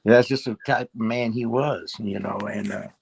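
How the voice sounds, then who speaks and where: A man's voice: on the low side, fairly even intonation, normal speed, gravelly, breathy edge, no echo. An older man, a guest in a casual interview, rambling and repeating words with plenty of fillers.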